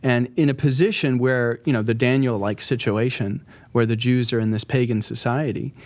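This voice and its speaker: A man speaking as a guest on a podcast, an art historian in casual conversation who tells stories in a lively way and laughs easily. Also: mid-range voice, normal speed. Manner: lively storyteller, laughs easily, quotes figures in playful voices.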